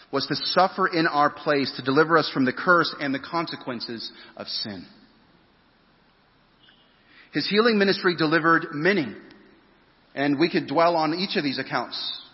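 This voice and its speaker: A pastor with a slightly high voice preaches a sermon in a church sanctuary, his words trailing into long reverb. Earnest and emphatic, he leans hard on key phrases with rising stresses and draws some out slowly. The recording sounds muffled and a bit dull.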